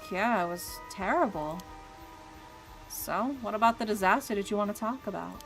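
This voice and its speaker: A woman's voice: medium pitch, moderate pace, a bit bright, faint music behind, lightly acted, rough recording. A woman reading a caring young female friend.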